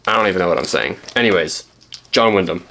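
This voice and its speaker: A man's voice: deep voice, expressive, quick pace, gravelly, pushed and bright, slight background noise. A young man from Canada, chatting casually and rambling with lots of ums while showing the books he found. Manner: rambling, self-deprecating, many ums and restarts. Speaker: book vlogger.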